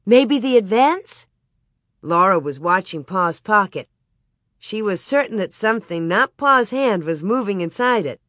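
Here a woman narrates a storybook from a script, as an audiobook reader would, keeping her pace measured and her telling expressive. Her voice falls in the mid-range, captured with studio quality and no room sound.

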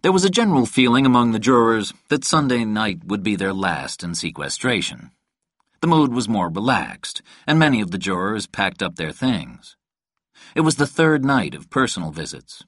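A man reading a novel aloud in a calm, even storytelling manner. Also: on the low side, normal speed, no echo, studio quality. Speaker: audiobook narrator. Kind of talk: scripted narration.

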